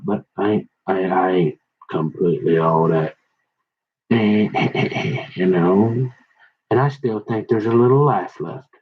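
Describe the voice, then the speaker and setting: A husky, low-voiced middle-aged man rambling through a folksy monologue, with a confrontational, slangy manner. The recording is dull and lo-fi. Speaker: vlogger.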